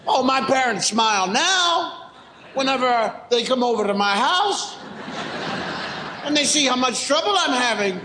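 A man doing a stand-up routine, exasperated, mimicking parents with rapid repeated phrases. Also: very high voice, expressive, reverberant, noisy background. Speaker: stand-up comedian.

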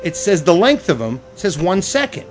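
A man's voice: high-pitched, very animated, fairly quick, faint music behind. A middle-aged man hosting a radio show, telling rambling, profane stories in casual chat.

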